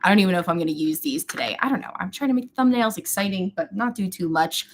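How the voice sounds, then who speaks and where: A woman's voice: mid-range voice, lively intonation, quick pace. Young woman, beauty livestream host, chatty and rambling, casual. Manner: chatty, rambling, greets viewers by name. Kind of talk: casual chat while doing makeup.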